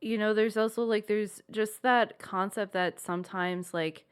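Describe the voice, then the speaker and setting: A woman's voice: mid-range voice, fairly even intonation, a little slow, smooth. Reassuring, rambling woman podcast co-host. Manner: rambling, reassuring, many fillers like "like". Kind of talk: casual chat.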